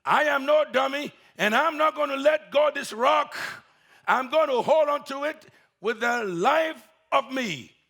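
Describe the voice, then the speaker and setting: A man's voice: extremely high pitch, a little slow, creaky, a bit bright, voice pushed up, exaggerated voice. A man playing a frightened mountain climber hanging from a cliff and crying out to God in a sermon story. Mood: stubborn. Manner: pleading cries. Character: terrified man clinging to a cliff edge.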